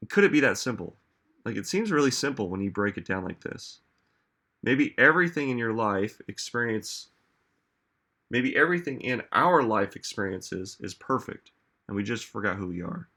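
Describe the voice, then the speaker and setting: A man's voice: on the low side, expressive, normal speed, pushed and bright. A man giving a reflective motivational talk, musing aloud and asking listeners many rhetorical questions. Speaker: self-help speaker.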